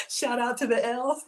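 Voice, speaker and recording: A woman's voice: on the high side, slight background noise. A woman hosting a casual cooking livestream, chatty and bubbly, laughing often as she reads viewer comments aloud. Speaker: home cook livestream host.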